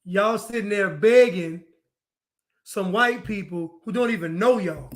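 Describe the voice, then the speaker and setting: A man's voice: sits high, measured pace. A man speaks. He delivers a preachy, mocking monologue. He hammers points home by repeating phrases and mimicking other people. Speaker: commentator. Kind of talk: monologue commentary.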